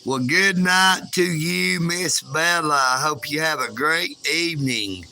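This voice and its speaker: A man's voice: a little high, slow pace, sharp tone, a little hiss or hum. A man, chatting casually and folksily on a livestream outdoors at night. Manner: folksy, calls himself a hillbilly. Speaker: livestream host.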